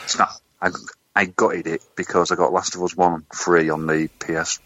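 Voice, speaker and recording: A man co-hosting a podcast, with a dry, halting, sweary way of talking. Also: sits low, little pitch movement, a bit bright. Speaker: podcast co-host. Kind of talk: casual banter. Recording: dull lo-fi sound.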